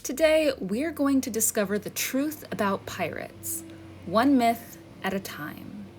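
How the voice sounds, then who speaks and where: A woman's voice: on the high side, expressive, unhurried, a little mellow, soft background music. A woman museum educator, narrating a children's history lesson and asking her listeners friendly questions.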